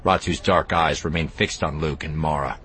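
A man narrating an audiobook in an expressive, even storytelling manner. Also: a bass voice, normal speed, slight background noise. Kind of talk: scripted narration.

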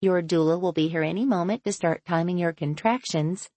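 A woman narrator voicing a cheerful, soothing maternity nurse in her thirties, raising her pitch. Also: fairly quick, dark tone, no echo, natural voice. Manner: soothing and breezy.

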